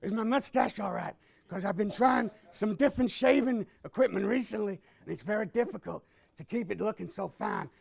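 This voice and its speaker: A man playing a brash, self-obsessed male copywriting guru in a live stand-up character bit, loudly bossing and bragging to the audience. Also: high-pitched, brisk, vocal fry, breathy edge, heavily acted. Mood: boastful hype. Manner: loud, boastful, bossy with audience. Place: live audience event indoors.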